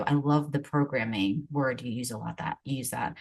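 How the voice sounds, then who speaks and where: Low-voiced woman podcast host. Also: fairly even intonation, normal speed, hardly any pauses, a little mellow, slightly rough. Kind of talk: conversational interview.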